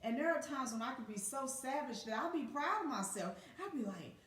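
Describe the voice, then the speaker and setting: A woman with a slightly high voice gives a spiritual teacher's motivational talk, blunt and heavy on profanity. She speaks with loud emphasis and never softens her words. The recording is roomy and echoing, with her voice sitting some way back from the microphone. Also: expressive, brisk. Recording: echoey room, distant from the mic.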